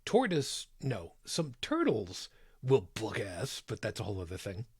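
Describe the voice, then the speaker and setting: A man's voice: on the low side, wildly swooping pitch, measured pace, a little mellow. A man co-hosting a casual podcast chat, blunt and emphatic, swearing as he explains. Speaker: podcast co-host.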